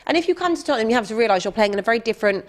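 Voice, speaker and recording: A woman's voice: fairly high pitch, lively intonation, racing. Firm-talking woman football pundit. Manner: firm, argumentative. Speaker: football pundit, Tottenham fan. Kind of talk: casual football debate.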